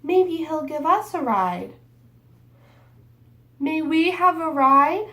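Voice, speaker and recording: A woman doing eager little kids, high and bouncy. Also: lively intonation, takes it slowly, pushed and bright, exaggerated voice. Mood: curious. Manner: high, eager, sing-song. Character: group of excited young children.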